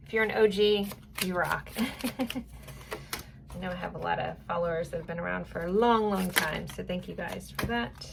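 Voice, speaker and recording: Chatty low-voiced woman with gravelly fry. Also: normal speed, background noise. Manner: chatty, rambling, many ums. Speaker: tarot reader. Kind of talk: casual tarot reading to camera.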